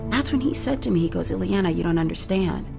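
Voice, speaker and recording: A woman's voice: fairly low pitch, animated, fast, gravelly. A woman giving documentary interview testimony, retelling a phone call with emotion and quoted speech. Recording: music bed under the voice.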